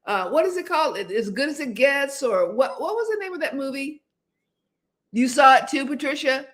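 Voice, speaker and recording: A woman's voice: high-pitched, animated, normal speed, fairly bright tone. Rambling woman in her seventies. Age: 70s. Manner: rambling, with many restarts and hesitations. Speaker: host. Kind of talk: casual livestream chat.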